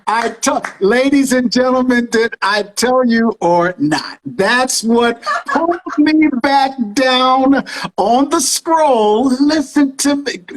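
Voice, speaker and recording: A man's voice: extremely high pitch, lively intonation, slow pace, rough recording. A man in his fifties hosting an online show, praising his guest with effusive, preacher-like cadence and talking straight to his audience. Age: 50s. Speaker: show host. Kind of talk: enthusiastic interview chat.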